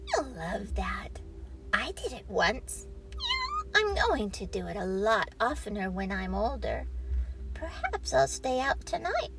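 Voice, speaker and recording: A woman voicing a chatty young female kitten in a storybook reading, soft-spoken and slipping in meows. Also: medium pitch, big pitch swings, a little slow, vocal fry, background noise.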